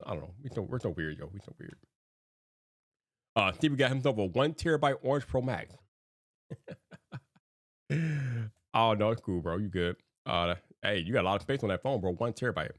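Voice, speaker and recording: Animated laughing male livestreamer. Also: on the low side, moderate pace, pauses often, dry recording, studio quality. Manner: animated, laughing often, slangy. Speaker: livestream host. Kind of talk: casual livestream chat.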